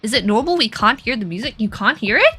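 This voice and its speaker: A woman's voice: on the high side, lively intonation, quick pace, bright, forceful tone, soft background music. A young woman streaming a let's play, reading the game text aloud dramatically and dropping playful, giggly asides. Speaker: gaming streamer.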